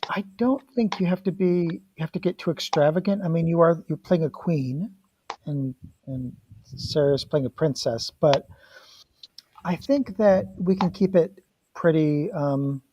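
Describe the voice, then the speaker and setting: A man's voice: on the high side, moderate pace, warm tone, highs cut off, a little hiss or hum. A man directing a casual production meeting over a video call, explaining plans in an easygoing, reassuring way.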